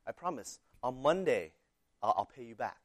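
A man's voice: mid-range voice, animated, normal speed, no room sound, close to an everyday voice. A man voicing a sly second-grade girl who keeps pleading and promising. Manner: wheedling, insistent promises.

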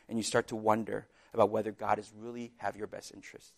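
A man preaching a sermon in an earnest, halting way, with restarts and sudden louder bursts. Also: on the low side, little pitch movement, vocal fry.

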